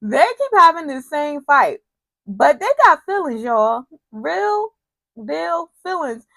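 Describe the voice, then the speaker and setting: A woman's voice: high-pitched, very animated, takes it slowly, creaky, fairly bright tone, dry recording. A woman casually recapping a TV soap episode, retelling scenes with quoted lines and personal asides.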